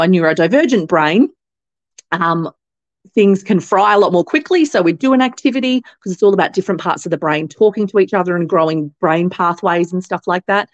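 A woman's voice: on the low side, no room sound. Chatty Australian woman, dull dry sound. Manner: chatty storytelling, many fillers and restarts; animated quoting of others' voices. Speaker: guest, company founder. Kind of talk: podcast interview.

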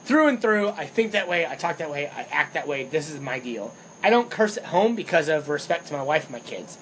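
Young male podcast co-host, slightly higher voice, lively candid storyteller, faint hiss behind. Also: a little fast, low-quality recording. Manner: animated storyteller, swears freely. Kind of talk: casual chat.

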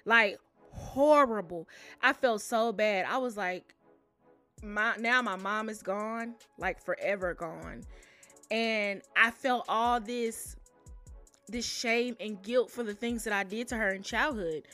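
A young woman telling personal stories in a casual, animated way, often calling out to her listeners. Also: mid-range voice, slow pace, soft background music. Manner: animated, addresses listeners as y'all. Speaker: storyteller. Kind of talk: casual storytelling to camera.

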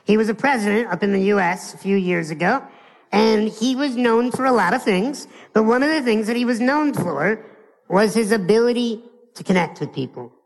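A man's voice: high voice, normal speed, gravelly, in a large hall. An American man giving a live motivational keynote, telling stories playfully and speaking straight to his audience. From United States.

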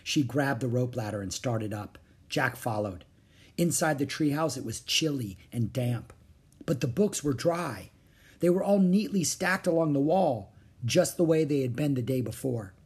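A husky-voiced man reads a children's story aloud at a moderate pitch. His intonation rises and falls expressively across every sentence, keeping the storybook narration lively. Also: normal speed. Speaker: audiobook narrator.

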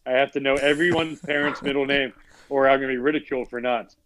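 Loud teasing man in casual chat. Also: mid-range voice, steady tone, fast, slight background noise, poor audio. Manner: loud teasing, jumps to shouting.

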